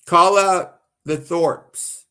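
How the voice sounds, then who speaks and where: A man's voice: sits high, fairly even intonation, very slow, sharp tone, clean tone. A man from the American South doing rambling live-stream commentary, repeating himself and getting worked up and indignant.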